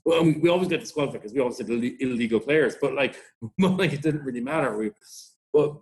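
A middle-aged man with an Irish accent rambles through his stories with plenty of swearing and easy laughter. His voice sits at an ordinary middle pitch. He talks loosely, in a casual interview. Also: quick pace, a little mellow. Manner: rambling, profane, laughs often. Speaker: interview guest, rugby club founder.

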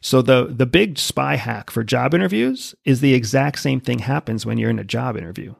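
A man's voice: mid-range voice, expressive, normal speed, vocal fry, no echo, studio quality. A man who is a podcast guest, explaining things confidently in casual interview talk. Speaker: podcast guest, former spy.

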